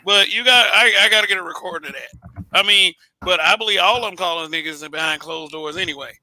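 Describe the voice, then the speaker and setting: High bright guy hosting a call-in show, swears a lot, laughs, stammers, dry sound. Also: quick pace, no room sound, rough recording. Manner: profane, blunt, laughs often, stammers repeats. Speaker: show host. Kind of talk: casual political call-in talk.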